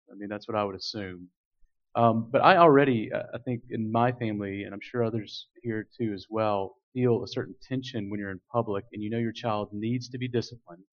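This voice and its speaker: A man asking a panel question as moderator, pausing often with fillers. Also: medium pitch. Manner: hesitant, many fillers. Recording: dull lo-fi recording.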